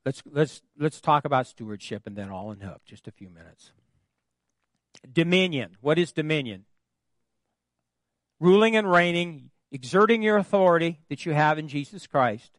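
Preaching from a church pulpit, this pastor has a slightly high, animated voice and a moderate pace, captured in a dry recording. He draws call-and-response answers from the congregation and tosses in folksy jokes.

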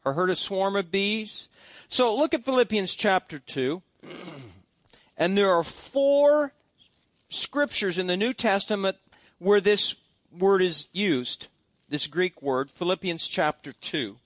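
A man's voice: high voice, expressive, slow pace, a bit bright, dry recording, clean studio sound. A man preaching a sermon in a church, talking in a conversational way and asking the congregation questions. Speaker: pastor.

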